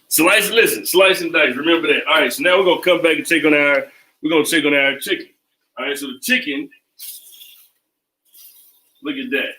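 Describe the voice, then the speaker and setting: Male cooking host, slightly high, loose and repetitive, heard from a distance in a roomy kitchen. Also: moderate pace, pauses often, bright, forceful tone. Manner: loose, repetitive, chanting phrases. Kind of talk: casual cooking demo. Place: home kitchen. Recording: echoey kitchen, mic at a distance.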